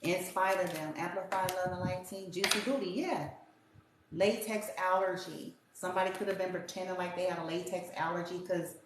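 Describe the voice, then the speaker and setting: A woman's voice: on the low side, steady tone, brisk. A woman giving a casual tarot reading in a blunt, profane, rambling rant. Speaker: tarot reader. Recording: very echoey room with faint hiss.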